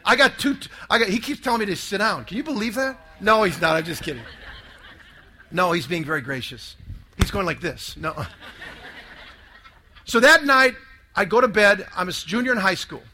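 A man in his sixties giving an emotional testimony to a live audience, telling his story dramatically, sinking to hushed tones and rising to loud outbursts. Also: high-pitched, animated, moderate pace, pauses often, slight background noise.

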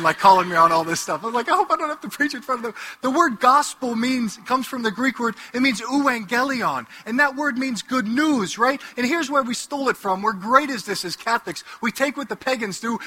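This Catholic priest's voice is extremely high as he preaches through a headset mic to a live audience in a hall. He's an animated storyteller who likes to joke.

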